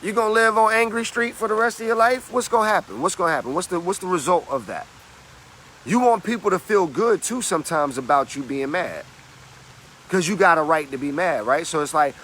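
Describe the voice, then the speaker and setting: A man giving a motivational talk in a bright, fairly high voice. He is emphatic and slangy, and he preaches through street-level stories. A faint hum sits behind him. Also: a little fast. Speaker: motivational speaker.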